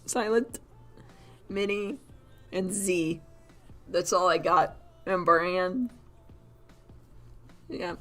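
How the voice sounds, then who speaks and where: A woman with a voice of middling pitch talks through a live drawing stream in a loose, rambling way. She is animated, laughs often and scatters "like" through her sentences. Quiet music plays underneath. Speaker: artist streamer. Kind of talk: casual chat while drawing on a live stream.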